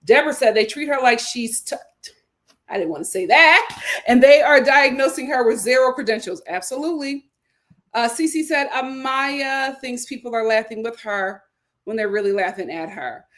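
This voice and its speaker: A woman's voice: fairly high pitch, expressive, normal speed, fairly bright tone. A woman hosting a livestream, reading viewer comments aloud and reacting to them emphatically, often repeating her own lines for effect. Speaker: show host.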